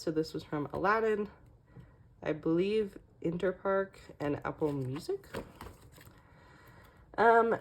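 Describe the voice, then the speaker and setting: A woman's voice: low voice, darkish tone. Chatty young woman showing her collection. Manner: chatty, lots of fillers and small laughs. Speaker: K-pop collecting vlogger. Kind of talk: casual collection walkthrough.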